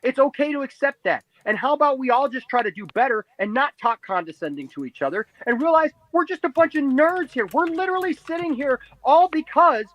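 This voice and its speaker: A man's voice: very high voice, lively intonation, fairly quick, few pauses, a bit bright. A man co-hosting a live stream, arguing emphatically and repeating himself as he pleads his point in a heated debate. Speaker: stream co-host.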